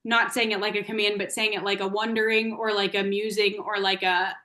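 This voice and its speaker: A woman's voice: mid-range voice, flat delivery, fairly quick, pushed and bright. A woman occupational therapist answering questions in an online workshop, explaining with everyday examples over a video call.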